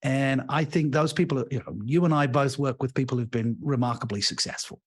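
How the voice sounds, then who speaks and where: A man's voice: mid-range voice, fairly quick, slightly rough. A man who works as a leadership coach and author, talking expansively in a podcast interview, telling stories and acting out the voices of the people he describes. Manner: expansive storyteller, animated.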